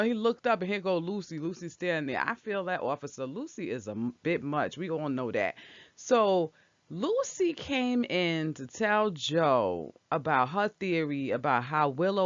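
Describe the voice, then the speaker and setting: A woman's voice: low-pitched, very animated, normal speed, dry recording. A woman casually recapping a soap opera episode, talking back at the characters with strong opinions. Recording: dull lo-fi dry recording.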